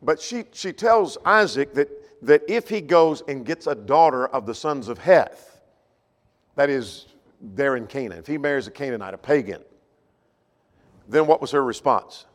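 A man's voice: medium pitch, animated, moderate pace. A man leading a Bible study lesson who thinks aloud, restarting phrases and repeating words as he goes. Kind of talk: Bible class lecture. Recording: long reverb of a hall.

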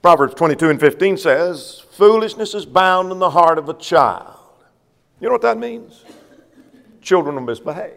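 A man's voice: sits high, expressive, normal speed, creaky, a bit bright, in a large hall. A man preaching a sermon to a congregation, emphatic, repeating a refrain and putting questions to his listeners.

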